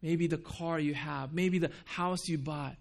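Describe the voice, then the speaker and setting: A man's voice: fairly high pitch, steady tone, measured pace, vocal fry. A man preaching a sermon as pastor in a church, earnest, asking the congregation questions and repeating words for emphasis. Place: church building.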